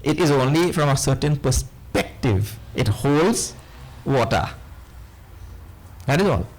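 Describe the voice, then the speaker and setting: A man with a Trinidadian accent giving a spiritual discourse to a live audience, animated and often quizzing his listeners. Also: high-pitched, low-quality recording. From Trinidad and Tobago. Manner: animated, questioning listeners, playful asides. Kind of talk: lively lecture on scripture.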